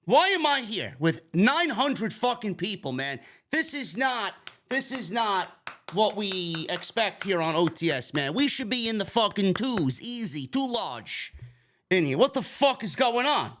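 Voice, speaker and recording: Give me a man from New York hosting a live stream, cursing and griping, with a bright, forward voice that sits high and swings all over the place. He sounds fed up and talks straight into his streaming mic. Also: sing-song, unhurried, slight background noise. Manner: profane, griping rant. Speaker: livestream host. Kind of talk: live post-show stream review.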